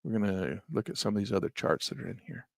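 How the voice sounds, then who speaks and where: In a live trading lesson, the instructor clicks through charts, thinks out loud and casually chats with viewers. He talks fast on the low side, with lively intonation and a creaky edge. Studio quality, with no room sound.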